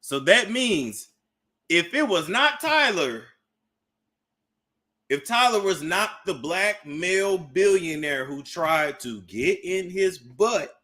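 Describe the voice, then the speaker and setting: A man's voice: high voice, lively intonation, takes it slowly, pushed and bright. A man giving casual gossip commentary, chatty and asking his audience questions.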